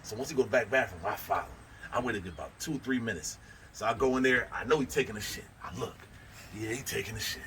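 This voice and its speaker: A man from Buffalo, New York telling a story casually, in an animated and profane way as he acts out what people said. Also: fairly low pitch, quick pace, noisy background. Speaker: vlogger telling a prison story.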